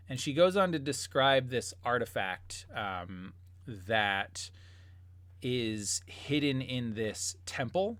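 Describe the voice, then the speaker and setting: A man's voice: medium pitch, lively intonation, takes it slowly, a bit bright. Man narrating a tabletop game. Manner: rambling, filler-heavy narration. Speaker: game master.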